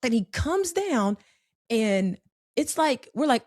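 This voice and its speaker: A woman telling a personal story in a conversational, animated way, with frequent profanity. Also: on the high side, takes it slowly, dry recording, studio quality.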